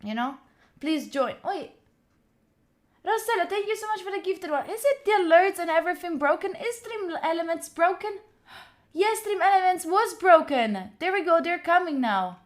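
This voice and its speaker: High-voiced excitable woman streamer. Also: normal speed. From Italy. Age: young adult. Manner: excitable, thanking viewers by name. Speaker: study streamer. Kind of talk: casual live-stream chat.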